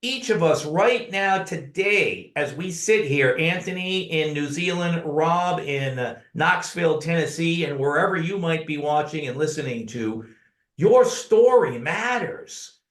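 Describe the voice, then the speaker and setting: A man's voice: a little high, lively intonation, measured pace, fairly bright tone, roomy sound. A man telling stories as a podcast guest, earnestly and often addressing the host by name. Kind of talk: conversational storytelling.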